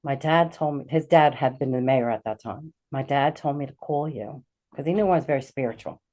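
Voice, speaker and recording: A middle-aged woman, a guest on a talk show, telling a personal story with animated energy and acting out the lines of the people in it. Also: very deep voice, brisk. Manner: animated, acts out quoted dialogue. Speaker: guest, intuitive healer.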